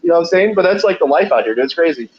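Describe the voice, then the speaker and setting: A pizza delivery driver on a podcast races through wild stories from the job in a high-ish, expressive voice. His casual storytelling is loose, profane and rambling, full of laughter and acted-out dialogue, captured in dull lo-fi audio.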